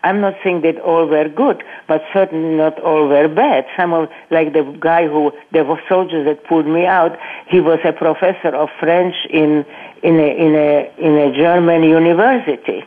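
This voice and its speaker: An older woman, a guest on a radio interview, telling her life story in a halting, earnest way, repeating words and restarting sentences. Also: low voice, fairly even intonation. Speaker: guest, Holocaust survivor speaking to students. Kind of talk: personal testimony in a radio interview. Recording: tinny phone-line radio audio.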